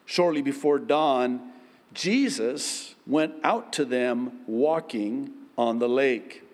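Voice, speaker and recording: A man preaching a sermon, unhurried, with sudden animated outbursts. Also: medium pitch. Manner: slow, building to animated outbursts. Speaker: pastor. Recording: long hall reverb.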